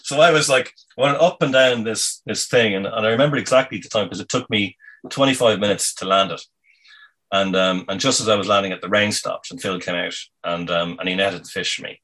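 A man telling a casual anecdote in a meandering, halting way, full of ums and restarts. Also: lowish voice, a bit bright, rough recording. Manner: meandering, halting, many fillers. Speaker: storyteller.

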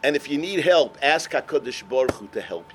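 An older man, a rabbi, telling stories in a sermon, swinging from shouts to hushed words. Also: mid-range voice, animated, brisk, slight background noise. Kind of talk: sermon storytelling.

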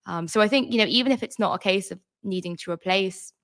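A woman's voice: mid-range voice, fast, a bit bright. A woman author as an interview guest, chatty and thoughtful with many fillers. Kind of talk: casual interview chat.

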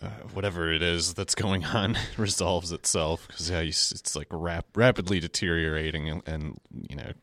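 A man's voice: low-pitched, steady tone, moderate pace, hardly any pauses, fairly bright tone, no echo, clean studio sound. A man co-hosting a casual sports podcast, with a naturally nasal, sinus-blocked voice, teasing and joking. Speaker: podcast co-host.

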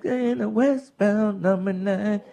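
A man's voice: high voice, a little slow, creaky, muffled recording. A man hosting a call-in talk radio show, laughing and mocking callers. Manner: animated, laughs often, mocks callers.

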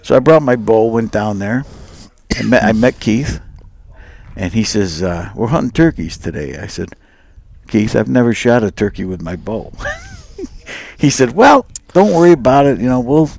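A man with a lowish, creaky voice speaks at normal speed, pausing often. Guesting on a podcast, he's a lively storyteller recounting a hunt, laughing frequently and voicing both sides of the dialogue.

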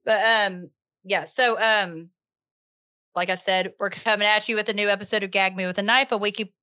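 A woman hosting a podcast in casual chat, chatty and quick to laugh. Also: medium pitch, steady tone, pushed and bright, no room sound. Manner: giggly, chatty. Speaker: podcast host.

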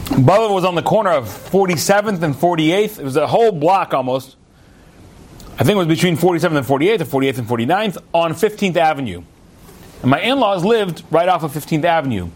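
A young American man giving a storytelling Torah talk, chatty and animated, with restarts and asides. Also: fairly high pitch, brisk. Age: young adult. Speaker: rabbi.

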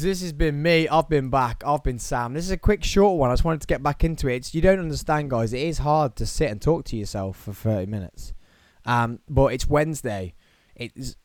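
A man's voice: medium pitch, no echo, studio quality. Upbeat man with a Birmingham accent. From England. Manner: energetic, playful, jokey asides. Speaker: podcast host. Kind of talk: solo podcast chat.

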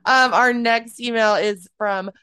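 A woman's voice: a little high, measured pace, smooth, no echo. Chatty woman on a dry close mic. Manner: chatty, animated, fills her talk with "like". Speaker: podcast co-host. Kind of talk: casual podcast chat.

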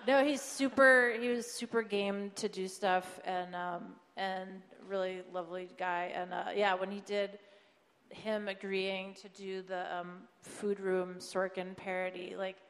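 A woman's voice: mid-range voice, little pitch movement, unhurried, fairly bright tone, clear, resonant tone, long reverb tail. A woman chatting casually on a comedy panel, full of likes and ums and laughing often. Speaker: comedy show co-creator on a panel.

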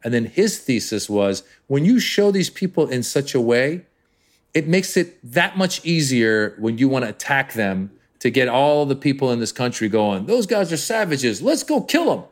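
An American man, a comedian, talking in an interview at a middling pitch. He tells his stories animatedly, jumping into other voices along the way. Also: moderate pace. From United States. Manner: animated storyteller, acts out voices. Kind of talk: interview conversation.

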